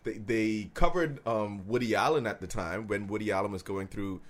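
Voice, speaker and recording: A man's voice: on the low side, moderate pace. A man co-hosting a podcast in casual chat, opinionated, arguing at length with his voice rising when worked up. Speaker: podcast co-host.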